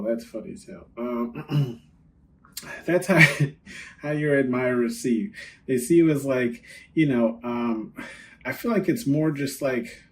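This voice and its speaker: A man giving a casual tarot reading as host, chatty and quick to laugh, often checking in with "right?" and "okay?". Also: medium pitch, slight background noise. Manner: laughs easily, rambles with fillers. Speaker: tarot card reader.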